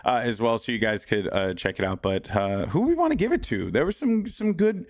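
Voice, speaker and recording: A man's voice: mid-range voice, sing-song, brisk, no echo, clean studio sound. A man co-hosting a podcast in casual chat, rambling and restarting his sentences with lots of fillers. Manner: rambling, self-interrupting with many fillers. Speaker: podcast co-host.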